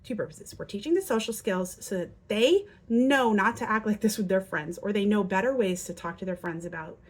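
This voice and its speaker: A woman's voice: medium pitch, a little fast. A woman talking earnestly to parents, giving advice on handling children's behavior and acting out example lines. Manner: earnest, acts out quotes in lively voices. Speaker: parenting educator. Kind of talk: instructional talk to parents.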